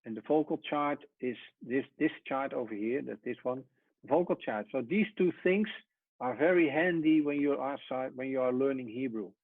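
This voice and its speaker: A man teaching a Hebrew lesson at a whiteboard, explaining step by step and often trailing off softly. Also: mid-range voice, moderate pace, no room sound. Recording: tinny phone-like sound.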